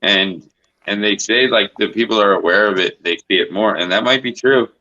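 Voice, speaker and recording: A man's voice: fairly low pitch, normal speed, bright, forceful tone. A man hosting a casual livestream chat, rambling and swearing with lots of filler words. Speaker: host. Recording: dull lo-fi stream audio.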